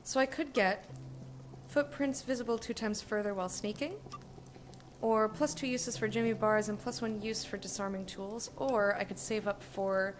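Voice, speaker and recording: A woman's voice: medium pitch, steady tone, normal speed, slight background noise. A young woman casually commenting on her gameplay, chatty, swearing and humming along. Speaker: gamer streamer. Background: game music.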